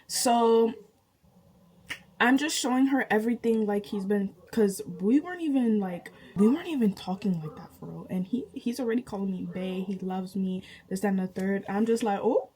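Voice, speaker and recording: A young woman tells a personal story straight to her viewers. She is animated and chatty, laughing often and jumping high in pitch with disbelief. Her voice sits at an ordinary middle pitch. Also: normal speed, poor audio. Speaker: vlogger. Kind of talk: casual storytime.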